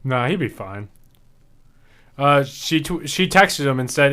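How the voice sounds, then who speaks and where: A man's voice: medium pitch, lively intonation, takes it slowly, pauses often, a bit bright, smooth. Man reading texts aloud on a podcast. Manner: reads texts aloud from his phone, laughing between lines. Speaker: podcast co-host. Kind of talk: casual chat.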